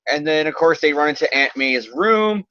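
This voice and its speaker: A man's voice: on the high side, expressive, normal speed, sharp tone, smooth, dry recording, lo-fi sound. Sarcastic rambling man recapping comics. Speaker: podcast host recapping comics. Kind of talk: casual comedic recap.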